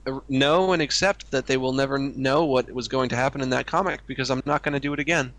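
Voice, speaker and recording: A man's voice: mid-range voice, fast talker, fairly bright tone, no echo. A man co-hosting a crude comedy chat, speaking in a dry, mock-prim way with lots of hesitations. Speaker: co-host.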